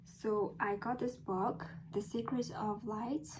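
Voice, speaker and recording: Woman, Mongolian accent, slightly high voice; casual vlogger reading aloud with hesitant, careful diction. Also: steady tone, slow pace, darkish tone, a little hiss or hum, low-quality recording.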